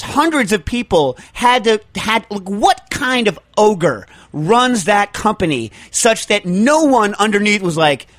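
A man's voice: high voice, a bit bright. A man hosting a podcast in casual chat, ranting in an exasperated way and restarting his sentences often. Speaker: podcast host.

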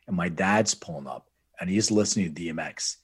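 A man from Philadelphia co-hosting a podcast, telling stories in an animated way in casual chat. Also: low-pitched, fairly quick, breathy edge. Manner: animated storyteller. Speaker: podcast co-host.

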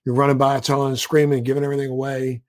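Interviewer: a man with an average-pitched voice, dry sound, attentive and probing. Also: little pitch movement, quick pace, no echo. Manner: attentive, short affirmations and probing questions. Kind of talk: conversational interview.

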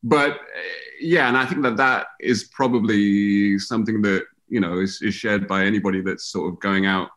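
A man's voice: fairly low pitch, steady tone, moderate pace, fairly bright tone. A man, a musician guest on a video call, talking in a rambling, hesitant way full of fillers. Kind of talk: casual conversation.

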